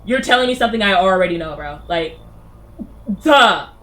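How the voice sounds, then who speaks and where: A woman's voice: fairly low pitch, expressive, fast talker. A woman game streamer giving playful, slangy let's play commentary.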